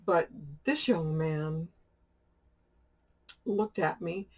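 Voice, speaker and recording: A woman's voice: on the low side, expressive, very slow, a little mellow. A woman chatting casually as she shows off a shopping haul and tells a rambling story, laughing often. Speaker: witchcraft YouTuber showing a shopping haul. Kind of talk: casual chat.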